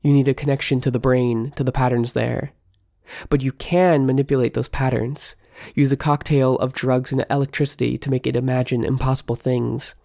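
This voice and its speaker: A woman reading first-person fiction aloud in a tense, measured storytelling manner. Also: extremely low pitch, level tone, gravelly, mellow, no echo, studio quality. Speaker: narrator.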